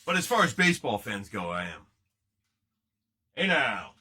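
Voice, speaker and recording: A man's voice: mid-range voice, big pitch swings, moderate pace, bright, forceful tone, slight background noise. A man hosting a casual live card break, joking and rambling as he chats with viewers while opening packs. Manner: joking, rambling, banters with chat.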